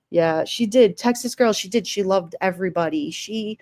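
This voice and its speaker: A woman hosting a livestream, talking warmly and emotionally in a rambling way and reading chat comments aloud. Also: mid-range voice, unhurried. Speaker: livestream host. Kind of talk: casual livestream memorial talk.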